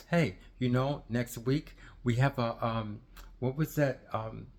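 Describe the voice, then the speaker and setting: A man's voice: mid-range voice, slow pace, darkish tone. A middle-aged man telling a rambling personal story in a confiding way, sometimes dropping to a near whisper. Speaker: ex-Jehovah's Witness telling his story.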